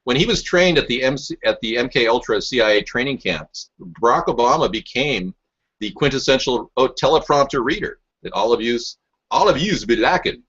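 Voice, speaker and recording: Husky man in combative political rant. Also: mid-range voice, animated, normal speed, fairly bright tone, dull audio. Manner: combative, mocking, sarcastic. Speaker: talk show host. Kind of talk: rambling political talk, answering live chat.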